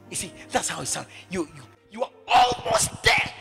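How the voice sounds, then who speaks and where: A man preaching a sermon, driving his points home by repeating phrases and swinging from shouting to hushed speech. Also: medium pitch, big pitch swings, normal speed, faint music behind. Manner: emphatic, repeats phrases over and over.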